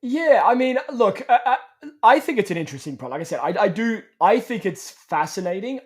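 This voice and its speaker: A man's voice: high voice, very animated, a little fast. A man hosting a tech podcast, chatting casually and agreeing often. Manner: agreeable, lots of "yeah". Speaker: podcast host.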